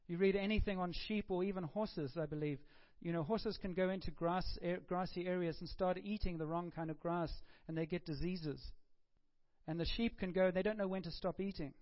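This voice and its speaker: A man's voice: on the high side, highs cut off. A man preaching a sermon in a conversational way, often stopping and repeating words.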